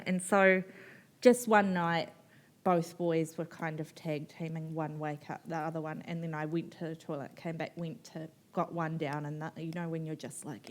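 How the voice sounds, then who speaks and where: A woman, an author telling a personal story in an on-stage conversation, candid and animated, swearing freely and acting out what people said. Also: low-pitched, moderate pace, slight background noise. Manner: candid, animated, swears, laughs often, acts out quotes. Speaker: author guest at a book festival.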